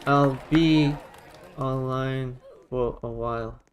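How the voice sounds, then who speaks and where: A man talking casually on a live stream while gaming, in a loud, projecting voice, often repeating himself for emphasis. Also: medium pitch, fairly even intonation, slow, highs cut off, a crowd in the background, noisy background.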